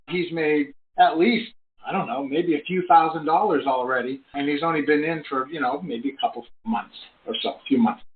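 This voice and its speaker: A middle-aged man, an online business coach, telling a story in earnest on a live conference call, his voice rising high when excited. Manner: earnest storytelling, swings between low and high excited pitch. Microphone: phone call line. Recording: tinny phone line.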